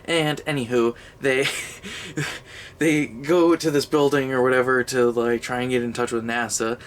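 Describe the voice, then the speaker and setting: A man's voice: medium pitch, fairly even intonation, unhurried. A young man giving a casual, rambling comedic movie review, sarcastic and sweary, laughing as he goes.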